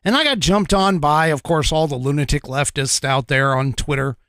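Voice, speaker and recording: A man's voice: fairly high pitch, normal speed, fairly bright tone, no echo, clean studio sound. A man hosting a podcast, talking in a casual, rambling way with lots of fillers, restarts and frequent chuckles. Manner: chuckles often. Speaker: podcast host.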